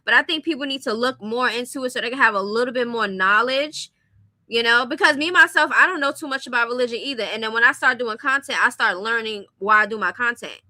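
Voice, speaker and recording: High, bright-voiced outspoken young woman. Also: quick pace, no echo. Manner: blunt, opinionated, speaks directly to viewers. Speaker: commentary streamer. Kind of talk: casual commentary on celebrity gossip.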